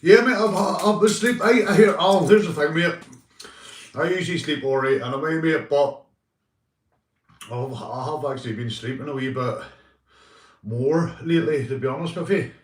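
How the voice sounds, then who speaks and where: A man's voice: a little high, normal speed, pauses often, recorded from a distance. Rambling Northern Irish man, off-mic. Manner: rambling, swearing, calls viewers mate. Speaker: livestreamer. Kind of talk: casual live stream chat. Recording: roomy, off-mic sound.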